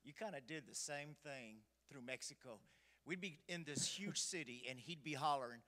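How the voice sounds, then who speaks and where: Upbeat high-voiced pastor in a reverberant church. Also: male voice, expressive, moderate pace, sharp tone. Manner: upbeat, chatty, addressing the congregation. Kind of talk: casual banter with a guest in church. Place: church sanctuary. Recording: long reverb of a church hall.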